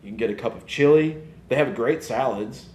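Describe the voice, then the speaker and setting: A man, hosting a casual live podcast and rambling in an animated way. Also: mid-range voice, a little fast, reverberant. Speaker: podcast host. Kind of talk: casual live-stream chat.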